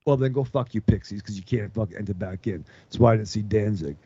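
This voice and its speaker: Speaking quickly in a fairly low, warm, slightly rough voice, a man co-hosting a podcast spins a lengthy story packed with swearing. He voices other people's lines himself, and the podcast audio sounds dry and dull.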